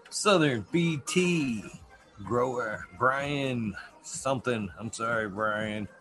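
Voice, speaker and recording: A man hosting a live stream, talking casually and reading chat names aloud, swearing freely. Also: mid-range voice. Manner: slow, laid-back, swears often, reads chat names aloud. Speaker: livestream host. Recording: music playing loudly behind. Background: music.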